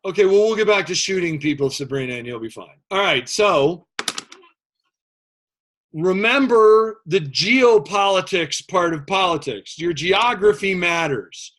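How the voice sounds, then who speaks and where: A man's voice: sits high, fairly bright tone. A man teaching a casual history class, chatty, making joking asides and using plenty of fillers.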